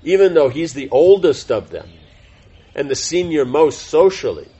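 A man's voice: on the high side, big pitch swings, normal speed, dark tone, breathy edge, dull audio. A man teaching a devotional class in an informal, rambling way, full of fillers and self-corrections. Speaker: spiritual teacher giving a class.

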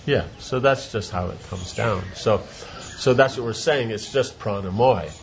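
A man's voice: fairly low pitch, unhurried, gravelly. A man giving an informal religious talk as a teacher, rambling, repeating words and asking rhetorical questions. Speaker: spiritual teacher.

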